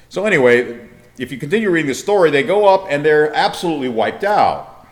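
A man's voice: mid-range voice, very animated, fast. Man teaching scripture in a sermon. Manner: asks the listeners rhetorical questions. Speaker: Bible teacher. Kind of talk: conversational sermon.

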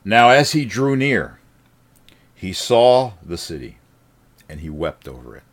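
A man preaching a sermon, reading scripture and explaining it with emphatic rises and quiet drops. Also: fairly low pitch, unhurried. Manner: animated, rising emphatic then dropping quiet.

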